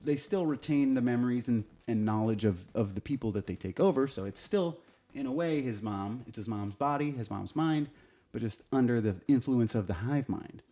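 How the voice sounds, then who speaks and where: A man's voice: medium pitch, normal speed, dark tone. A man giving a casual, opinionated TV review, speaking bluntly and swearing freely. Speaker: TV show reviewer.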